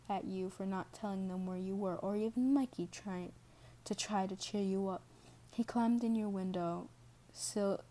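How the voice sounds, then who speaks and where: A woman's voice: mid-range voice, warm tone. A woman reading a second-person fan story aloud, often stumbling and correcting herself as she goes. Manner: reads with restarts and self-corrections, stops to apologize. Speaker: fan fiction reader.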